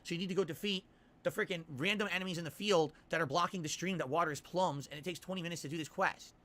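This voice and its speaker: A man's voice: a little high, fast talker, sharp tone. A man ranting bluntly and profanely on a stream, dismissive of what he is talking about. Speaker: streamer in a played clip.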